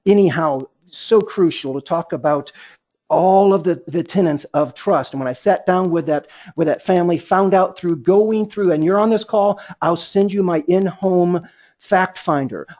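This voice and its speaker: Guy running a sales webinar, pushy and rambly, keeps restarting, kinda high voice, muffled sound. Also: moderate pace, a little mellow. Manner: emphatic and rambling, with many restarts. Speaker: sales trainer. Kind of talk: webinar sales training talk.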